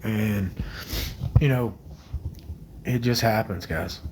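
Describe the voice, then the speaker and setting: Soft-spoken man chatting on a livestream. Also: fairly low pitch, takes it slowly, noisy background. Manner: soft-spoken, hesitant, many fillers, drops to quiet murmurs. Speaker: livestream host answering viewer comments. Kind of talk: casual livestream chat. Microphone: phone livestream.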